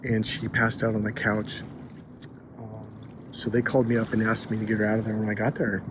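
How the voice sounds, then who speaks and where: A man's voice: lowish voice, monotone, a little fast, noisy background. Blunt, profane male dating coach. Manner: blunt and profane, rambling with fillers. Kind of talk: casual advice monologue to camera.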